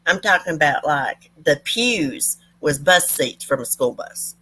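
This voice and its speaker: A woman's voice: low voice, lively intonation, measured pace, bright, forceful tone, slightly rough. A woman talks to her viewers as a channel host. She tells family stories in a folksy, rambling way, full of asides and side remarks. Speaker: true crime channel host. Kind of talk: casual storytelling to viewers.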